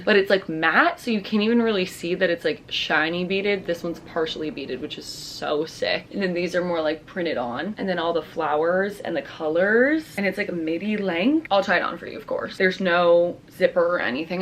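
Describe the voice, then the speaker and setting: A young woman with a slightly low voice chats through a fashion haul, bubbly and gushing, peppering every sentence with "like" and trendy slang. Faint background noise sits under her voice. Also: fairly bright tone. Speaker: fashion vlogger. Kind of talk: casual try-on haul chat.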